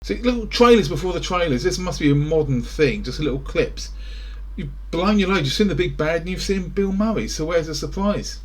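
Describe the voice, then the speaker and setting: A man's voice: fairly high pitch, animated, a little fast, darkish tone, slight background noise. A British man rambling through a casual reaction to film trailers, full of wry asides, recorded indoors in front of a greenscreen.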